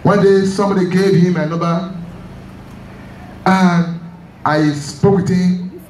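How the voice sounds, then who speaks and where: A man's voice: sits high, fairly even intonation, slow, darkish tone, echoey room, recorded from a distance, slight background noise, low-quality recording. A man preaching a sermon, telling a story with emphatic repeated phrases.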